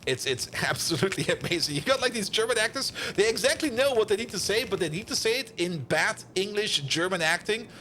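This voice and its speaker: A man streaming a video game and chatting casually with his viewers, animated, laughing often and swearing freely. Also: sits high, brisk, few pauses, slight background noise. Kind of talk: casual live-stream chat while playing.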